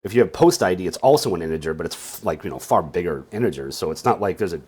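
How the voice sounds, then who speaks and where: A deep, slightly husky man talks through a casual tutorial, sounding sleepy. His delivery wanders up and down a lot, with wry little jokes tossed in between explanations. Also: expressive, fast, a little mellow. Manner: rambling, with wry joking asides. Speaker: database instructor. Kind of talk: casual screen-share tutorial.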